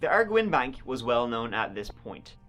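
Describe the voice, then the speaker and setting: A man's voice: mid-range voice, sing-song, moderate pace, a bit bright, soft background music. A man narrating history in a casual, conversational storytelling style with wry, sardonic asides.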